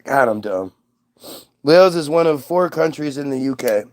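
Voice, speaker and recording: A man's voice: medium pitch, lively intonation, normal speed. A man from the United States hosting a casual livestream, reading chat aloud in a rambling, profane, self-mocking way.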